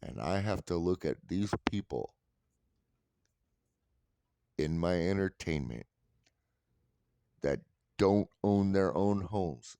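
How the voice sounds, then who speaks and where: A man's voice: sits low, slow pace, long pauses, dark tone, no room sound. A man delivering an angry, profane commentary rant, blunt and scornful, restarting words as he gets worked up. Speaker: online commentator.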